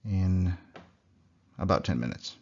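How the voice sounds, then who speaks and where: Low-voiced man teaching in a relaxed way. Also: takes it slowly, muffled recording. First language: English. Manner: relaxed, hesitant with many fillers and restarts. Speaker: language teacher. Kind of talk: recorded slideshow lesson. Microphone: computer microphone for a slideshow recording.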